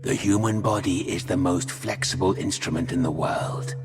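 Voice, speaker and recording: A man voicing a cold, proud disembodied alien brain ruler with a hoarse, rasping voice. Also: deep voice, noisy background. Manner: proud, menacing, slow. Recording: long reverb with music behind.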